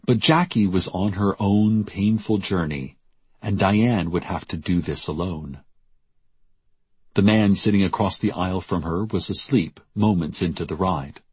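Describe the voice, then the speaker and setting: A man narrating a novel as an audiobook in a measured, deadpan storytelling manner. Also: sits low, husky, no room sound.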